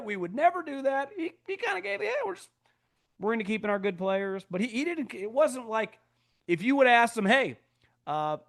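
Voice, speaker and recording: An opinionated man hosting a live sports reaction show, talking casually and acting out what other people said. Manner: animated, opinionated, acts out quotes with pitch jumps. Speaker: podcast host, former NFL scout.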